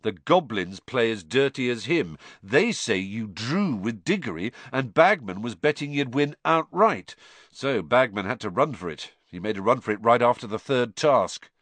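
A man's voice: mid-range voice, lively intonation, normal speed, a bit bright, dry recording. A man voicing a cheeky teenage boy prankster with a wry, breezy manner.

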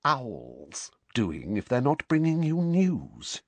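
Shrill spiteful aunt, as a man puts her on. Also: wildly swooping pitch, moderate pace, no echo, full character voice. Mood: accusing. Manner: sharp, accusing. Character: thin shrill spiteful middle-aged aunt.

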